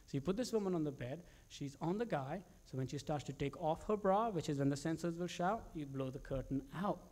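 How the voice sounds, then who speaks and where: A man with a slightly higher-than-usual voice recounts his work as a commercial director. He talks in an animated way and often restarts his sentences or adds fillers. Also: brisk. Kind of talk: reflective storytelling about his work.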